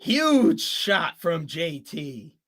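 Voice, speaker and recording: A young man giving fan play-by-play commentary of a basketball game, excitable and openly rooting for one team. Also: a little high, extremely slow.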